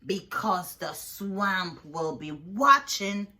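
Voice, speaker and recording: A woman's voice: mid-range voice, expressive, heavily acted. A woman voicing a strict, villainous substitute teacher with a scratchy voice, for a read-aloud storybook. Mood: menacing. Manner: stern, bossy, slow and loud.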